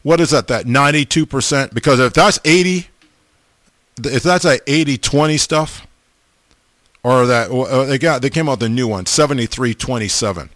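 A middle-aged man casually chatting as a host, reading viewer comments in a folksy, animated way, often repeating himself. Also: medium pitch, normal speed, no echo. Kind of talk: casual chat.

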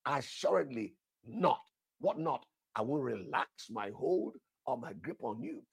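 A man's voice: medium pitch, expressive, unhurried, creaky, slightly rough, dry recording, clean studio sound. A man preaching a sermon, emphatic, repeating his phrases and asking the listeners questions, with bursts of prayer in tongues.

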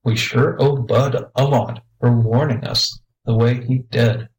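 A man voicing a calm male chief engineer in a mine, brisk and giving orders in a plain voice. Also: medium pitch, close to an everyday voice, rough recording. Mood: commanding.

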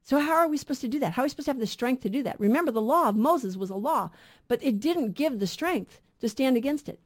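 A woman's voice: sits high, lively intonation, fast talker. A middle-aged woman co-hosting a radio Bible program, teaching earnestly and asking rhetorical questions.

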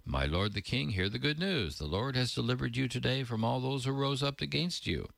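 A man's voice: mid-range voice, lively intonation, fairly quick, creaky, fairly bright tone, no room sound, pitched above the performer's own voice. A man reading as a formal royal servant. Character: formal male servant bringing battle news.

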